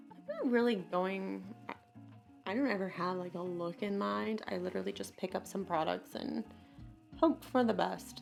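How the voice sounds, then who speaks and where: A bubbly woman in her late twenties talks through her makeup routine in a casual, chatty way. Her voice sits at a middle pitch, and she drops in self-deprecating asides. Soft music plays faintly behind her. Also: gravelly. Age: late 20s. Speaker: beauty vlogger. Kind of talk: casual makeup tutorial chat.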